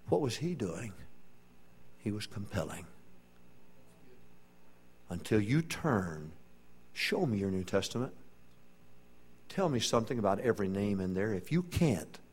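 A pastor preaching a sermon, telling a story in an earnest, folksy way. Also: male voice, on the low side, big pitch swings, a little slow, long pauses, breathy edge. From East Texas.

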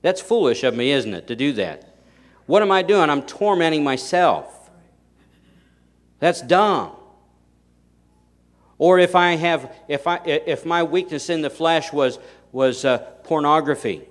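A man with a fairly high voice preaches in a folksy, emphatic style, using lively intonation, a measured pace, and long pauses. He often restarts his sentences and punches key words, rising to loud stresses.

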